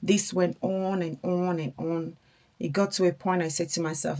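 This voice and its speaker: A woman's voice: lowish voice, little pitch movement, moderate pace, mellow. A young adult woman, chatting candidly and rambling a little as she tells a personal story in a get-ready-with-me vlog. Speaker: vlogger.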